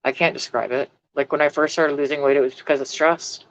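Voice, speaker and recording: A woman's voice: deep voice, steady tone, fairly quick, no room sound, low-quality recording. A middle-aged woman vlogger chatting casually on a live stream, blunt and rambling, swearing freely.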